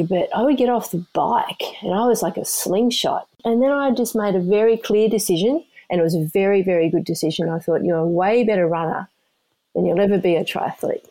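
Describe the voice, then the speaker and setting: A woman in her fifties, a former elite runner, telling her story in a casual, animated way and laughing often. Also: lowish voice. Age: 50s.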